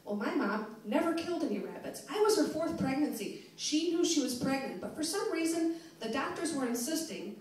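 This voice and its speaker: Loud brash lady comic, high voice, echoey club room, kinda far from the mic. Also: animated, brisk, few pauses. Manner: brash, laughing at her own jokes. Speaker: stand-up comedian. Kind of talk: stand-up set. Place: comedy club stage. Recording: roomy club sound from a distance.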